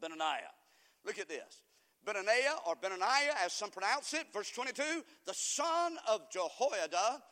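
Shouting preacher man in a hall. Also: high-pitched, very animated, normal speed. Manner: preaches with sudden shouts and call-and-response. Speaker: pastor. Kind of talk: sermon.

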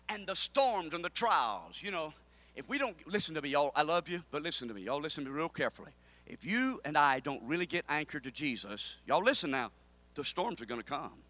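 Impassioned high-voiced preacher man. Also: no echo. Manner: impassioned preaching, rising to a near-shout, with call-and-response. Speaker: pastor. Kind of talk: sermon.

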